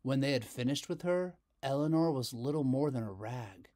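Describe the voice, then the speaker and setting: A man reading a children's picture book aloud as storyteller, slow and expressive. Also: medium pitch.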